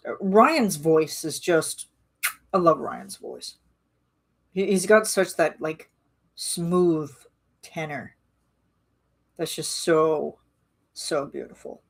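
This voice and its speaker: A woman rambling casually in a live-stream chat with her viewers, full of restarts and fillers. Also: deep voice. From Canada.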